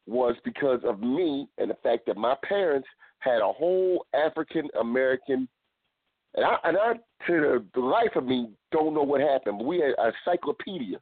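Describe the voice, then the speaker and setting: A man's voice: medium pitch, dry recording. A man hosting a casual talk show who often repeats words and restarts his phrases. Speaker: podcast host. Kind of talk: casual chat. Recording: tinny phone-line sound, dry.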